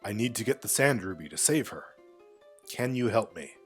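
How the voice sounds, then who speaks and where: A man's voice: fairly low pitch, animated, normal speed, a bit bright, faint music behind. A man voicing an earnest, firm young knight hero in a fantasy game.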